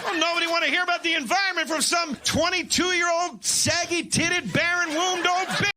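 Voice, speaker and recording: A man doing a brash stand-up routine, breaking into mocking yelled impressions. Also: very high-pitched, fairly even intonation, normal speed, hardly any pauses, background noise. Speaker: stand-up comedian.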